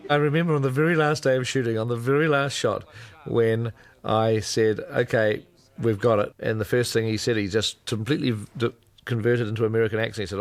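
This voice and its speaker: A man who directed the film, telling behind-the-scenes stories in an animated way, restarting his sentences as he goes. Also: medium pitch, fairly quick, no room sound. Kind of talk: casual interview.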